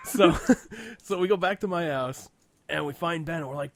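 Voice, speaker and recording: A man's voice: a little high, measured pace, a bit bright. A young man co-hosting a casual podcast, telling stories animatedly, laughing often and swearing a lot. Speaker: podcast co-host. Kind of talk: casual chat.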